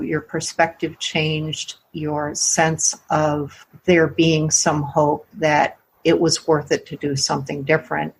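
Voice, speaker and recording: A woman podcast host asking gentle, reflective interview questions. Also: low-pitched, slight background noise, rough recording.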